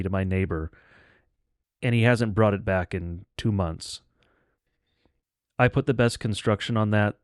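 A man with a low voice hosts a religious podcast, talking through doctrine in a plain, blunt, explanatory manner. The sound is dry and close, with no room echo. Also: darkish tone. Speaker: podcast host. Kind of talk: spoken commentary on scripture.

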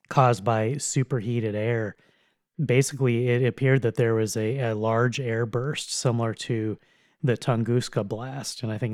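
An earnest man talks through scripture on a theology podcast at a middle pitch, in a dry, close recording. He explains at length and sometimes restarts a phrase. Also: darkish tone, no echo.

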